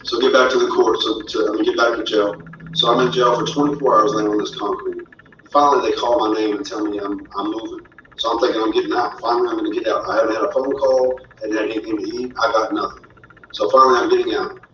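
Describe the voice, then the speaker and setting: A man with a fairly low voice recounts his own story in an earnest, indignant way. He sits back from the mic in a roomy space, so the sound is echoey and a little dull. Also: steady tone, fast talker, a bit bright, a little hiss or hum. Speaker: father telling his story. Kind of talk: personal storytelling. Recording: roomy, distant, dull audio.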